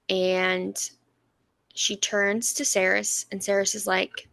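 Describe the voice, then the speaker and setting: A woman co-hosting a podcast, retelling a book's plot in animated, casual chat with quick voiced asides. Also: mid-range voice, gravelly, no echo. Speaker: podcast co-host. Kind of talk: casual book-review chat.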